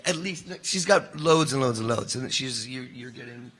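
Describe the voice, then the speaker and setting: A man's voice: mid-range voice, moderate pace. A man who works as a voice actor, chatting casually and animatedly on a convention panel. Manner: animated, expressive storyteller.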